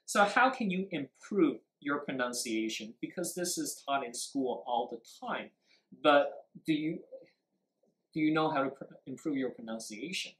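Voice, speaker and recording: A teacher in a live-streamed English speaking lesson, explaining pronunciation emphatically and acting out example sentences to show stress and rising or falling pitch, with short switches into Mandarin. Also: animated, a little slow, a bit bright. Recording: roomy echo.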